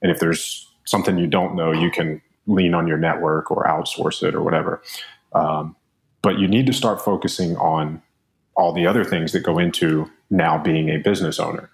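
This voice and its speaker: Deep-voiced man telling his story. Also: steady tone, creaky. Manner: measured, explanatory storytelling with frequent fillers. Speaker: guest. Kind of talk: conversational interview.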